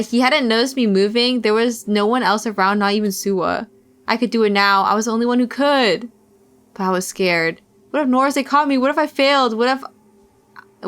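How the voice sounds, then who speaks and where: A woman's voice: a little high, a bit bright. A young woman streamer reading a visual novel aloud, with playful, giggly asides to chat.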